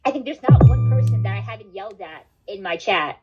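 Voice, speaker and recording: A woman's voice: mid-range voice, animated, a little fast, darkish tone, husky, faint music behind. A woman hosting a casual livestream, rambling and swearing, with "like" and "dude" in most sentences. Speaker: livestream host. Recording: dull lo-fi stream audio.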